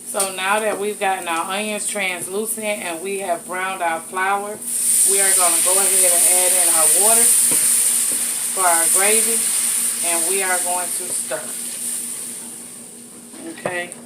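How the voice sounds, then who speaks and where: A woman's voice: medium pitch, fairly even intonation, unhurried, long pauses. A woman hosting a cooking show, chatty and folksy as she talks viewers through a recipe in her home kitchen. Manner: folksy, chatty, addresses viewers as y'all and honey. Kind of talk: casual cooking demonstration. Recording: audible background noise.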